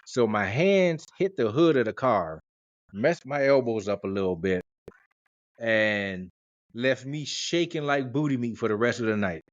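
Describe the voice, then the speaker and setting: A podcast host in his forties tells rambling, joking stories in a casual way. His mid-range voice is expressive and a little slow, and the recording sounds dry, dull, and lo-fi.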